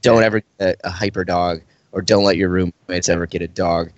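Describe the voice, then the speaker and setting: A man's voice: low-pitched, steady tone, brisk, no room sound. A man co-hosting a podcast, ranting in casual, heavily profane, exasperated talk. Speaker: podcast co-host. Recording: dull lo-fi dry audio.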